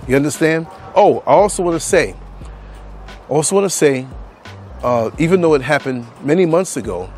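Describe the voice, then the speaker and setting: A man speaks earnestly outdoors on a street, leaning on repeated phrases for weight. His voice sits at a middling pitch. Faint music plays under his talk. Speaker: podcast host. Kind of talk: reflective monologue to camera. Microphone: clip-on mics.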